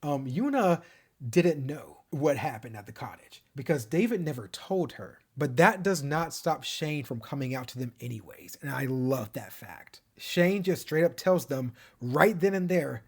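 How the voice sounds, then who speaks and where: A man's voice: a little high, expressive, a little slow, husky. A man recapping and reviewing a TV show in a casual, gushing way, laughing often.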